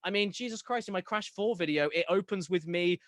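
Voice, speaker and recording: A young man with a Southern English accent, a video game YouTuber chatting as a podcast guest, rambling and animated, swearing casually. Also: sits high, brisk, no room sound, clean studio sound. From England.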